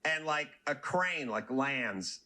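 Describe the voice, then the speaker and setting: A man hosting a podcast, telling an anecdote in an animated, casual way and acting out the voices in it. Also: mid-range voice, takes it slowly. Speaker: podcast host. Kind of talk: casual chat with storytelling.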